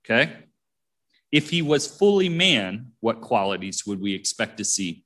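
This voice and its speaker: A man's voice: lowish voice, very animated, measured pace, a bit bright. A man preaching a sermon, reading verses aloud and commenting on them between readings in a plain, conversational way.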